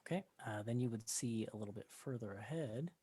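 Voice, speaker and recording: A man running a tabletop game as game master, narrating in a relaxed way with lots of fillers. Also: medium pitch, brisk, noisy background.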